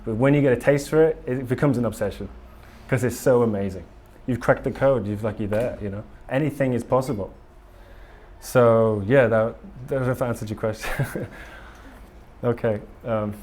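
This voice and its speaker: A man from England speaks at a live conference talk and Q&A in a conference hall. He's candid and enthusiastic, with frequent ums and restarts, using a mid-range, slightly mellow voice at a moderate pace.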